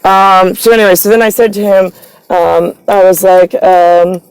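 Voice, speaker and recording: A woman's voice: medium pitch, fairly even intonation, measured pace, a little mellow, clear, resonant tone, dry recording, poor audio. A woman vlogging straight to camera in a meandering, profane, stream-of-consciousness monologue. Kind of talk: rambling direct-to-camera monologue.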